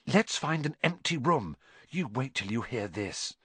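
A man's voice: mid-range voice, big pitch swings, a little slow, sharp tone, slightly rough, no room sound, heavily acted. A man voicing a determined young schoolboy who speaks breathlessly and urgently.

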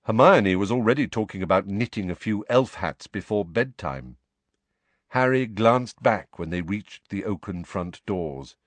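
Male audiobook narrator, low voice, lively intonation, dry close recording, expressive storytelling. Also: a little slow, no room sound. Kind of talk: scripted narration.

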